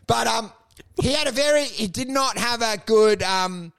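A man with a high, gravelly voice that swings up and down a lot as he tells his stories. He talks loudly and with a lot of energy in a casual podcast chat, swearing freely and acting out what other people said. His tone is bright and sharp. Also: brisk. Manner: animated, loud storytelling with profanity and acted quotes. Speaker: podcast co-host and stand-up comedian.

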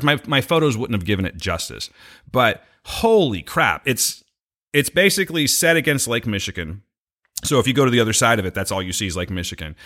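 A man's voice: mid-range voice, pushed and bright. A young man co-hosting a casual podcast, telling a rambling story with laughs and profanity. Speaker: podcast co-host. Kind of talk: casual chat.

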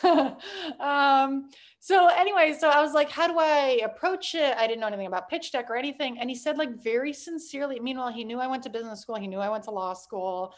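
High-voiced chatty woman, laughs often. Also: fast talker. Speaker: startup founder, guest. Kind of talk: casual interview talk.

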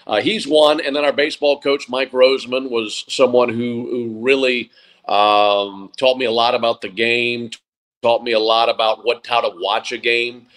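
A sports broadcaster in his forties, talking as a guest in an interview, reflective and often pausing to restart his sentences. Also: medium pitch, fairly even intonation, fairly bright tone, poor audio. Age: 40s. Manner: reflective, with frequent restarts and fillers. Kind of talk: interview conversation.

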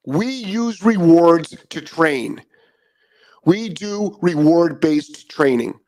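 A middle-aged man with a slightly high voice, hosting his own live dog training show. He rants with heavy profanity, repeats himself for emphasis, and then turns to chatting casually with his viewers. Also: extremely slow. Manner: emphatic, profane, repetitive ranting; calmer chatty greeting of commenters. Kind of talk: ranting live stream monologue.

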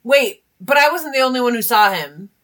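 An excitable, giggly woman playing a tabletop role-playing game. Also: sits high, normal speed. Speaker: player.

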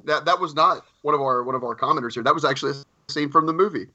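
A man's voice: on the high side, quick pace, pushed and bright. A man co-hosting a podcast, joking in a sarcastic, profane way in casual banter. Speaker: podcast co-host. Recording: dull lo-fi mic.

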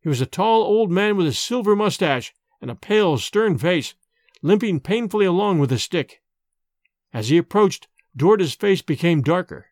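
Male audiobook narrator, expressive and measured, dry close sound. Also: high voice, dry recording.

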